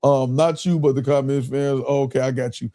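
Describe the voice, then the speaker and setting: He talks a little fast in a mid-range voice while hosting a live stream. Reading viewers' super chats aloud, he keeps things loose and full of slang, drawling in a relaxed way and repeatedly laughing.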